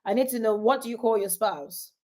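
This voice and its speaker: Animated woman coaching live. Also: a little high, a little fast. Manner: animated, laughs often, reads viewer comments aloud. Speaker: marriage coach. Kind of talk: live-stream coaching talk.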